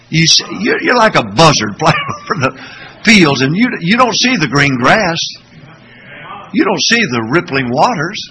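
Animated, bright-voiced preacher man. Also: medium pitch, rough recording. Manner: animated storytelling preacher, rhetorical questions to the congregation. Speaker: pastor. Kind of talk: sermon.

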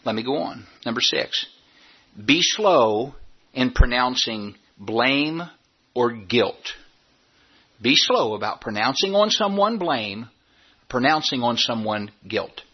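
A man preaching a sermon as a pastor, emphatic, repeating his points and slowing down to stress them. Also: mid-range voice, animated, husky, highs cut off. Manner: emphatic, repeats phrases, slows down for key points.

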